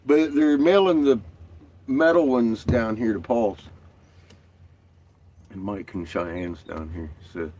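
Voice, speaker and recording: A man's voice: medium pitch, animated, slow pace, long pauses, a little mellow. A man chatting casually in a vlog, laughing often and swearing freely. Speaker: vlogger. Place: out and about, doing laundry.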